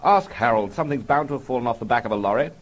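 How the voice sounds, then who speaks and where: A man's voice: mid-range voice, lively intonation, rapid-fire, soft background music, voice pushed up, lightly acted. A man voicing a busy, impatient wartime policeman father who barks orders in a blunt, raised voice. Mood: brusque.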